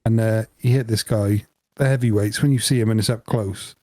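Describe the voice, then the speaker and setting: A man co-hosting a podcast, telling an animated story through laughter in casual chat. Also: lowish voice, fairly quick, dry recording. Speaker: podcast co-host.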